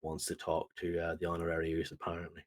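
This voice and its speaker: A fast-talking man with a low voice co-hosts a casual podcast, recapping wrestling with lots of energy. He acts out quotes as he retells what went down.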